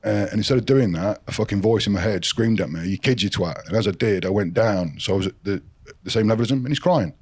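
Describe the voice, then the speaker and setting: A man's voice: lowish voice, quick pace, breathy edge. A middle-aged man, a podcast guest telling blunt stories full of swearing. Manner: blunt, heavy swearing, forceful storytelling. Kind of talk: casual podcast chat.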